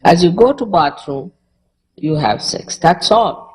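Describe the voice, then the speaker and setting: A woman's voice: on the low side, animated, slow pace, darkish tone, low-quality recording. A woman from India with an Indian accent, speaking as a spiritual teacher in a public lecture, conversational and repeating short phrases for emphasis.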